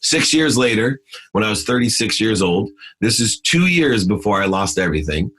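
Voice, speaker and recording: A middle-aged man with a low, husky voice tells personal stories as a podcast guest. He talks earnestly, with frequent "uh" fillers, and his voice climbs when he relives old arguments. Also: big pitch swings, moderate pace, a bit bright. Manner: earnest, many "uh" fillers, rises sharply when retelling arguments. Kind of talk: personal storytelling in an interview.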